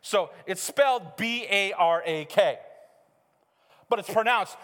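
A middle-aged male pastor preaching a sermon in a church, animated and joking, acting out quotes as he tells stories. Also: sits high, slow pace. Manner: animated, joking storyteller who acts out quotes. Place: church sanctuary. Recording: hall reverb.

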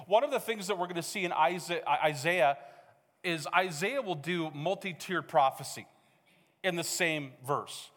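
Middle-aged guy preaching, highish voice, jokey and chatty, big echoey church. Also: measured pace, fairly bright tone. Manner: conversational, joking preacher. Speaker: pastor. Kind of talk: sermon. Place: church hall. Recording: reverberant church hall.

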